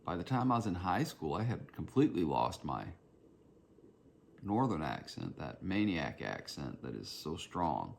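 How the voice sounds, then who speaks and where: A man's voice: low-pitched, sing-song, measured pace, gravelly, a little hiss or hum. A man with a Southern Georgia accent, hosting his own podcast in a reflective, rambling solo monologue. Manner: reflective, meandering, personal storytelling. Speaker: podcast host.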